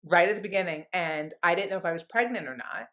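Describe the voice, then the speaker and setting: A woman's voice: lowish voice, quick pace, a bit bright. A woman guest in an interview telling a candid personal story in an earnest, rambling way, full of "like" fillers. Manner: rambling, heavy use of "like" fillers; earnest, heartfelt.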